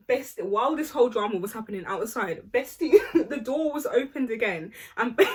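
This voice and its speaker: A young woman telling an animated, slangy storytime vlog. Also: fairly high pitch, slightly rough. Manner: animated, slangy, laughs often while telling. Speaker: vlogger.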